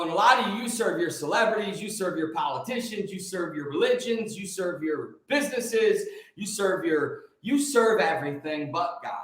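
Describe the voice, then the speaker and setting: Fervent male preacher on a live stream, high-pitched, repetitive declarations, heavy room echo. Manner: fervent, repetitive, swings from shouting to soft. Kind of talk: preachy livestream talk answering comments.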